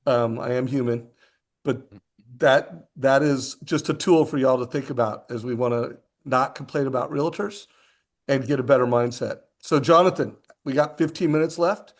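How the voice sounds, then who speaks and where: A man hosting a business webinar, speaking in a relaxed, conversational way. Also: mid-range voice, normal speed. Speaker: webinar host. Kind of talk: casual chat.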